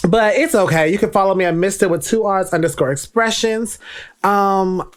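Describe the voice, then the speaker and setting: A man's voice: high voice, normal speed. A young man talks straight to his listeners in a loose, casual solo podcast. He is chatty and playful, and he hypes himself up between the greetings. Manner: playful, chatty and self-hyping. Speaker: podcast host.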